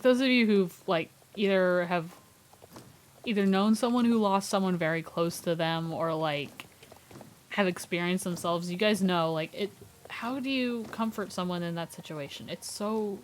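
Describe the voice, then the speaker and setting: A woman streaming a game, chatting in a halting, casual way full of fillers. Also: mid-range voice, a little hiss or hum. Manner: halting, full of likes and you-knows. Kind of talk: casual gameplay commentary.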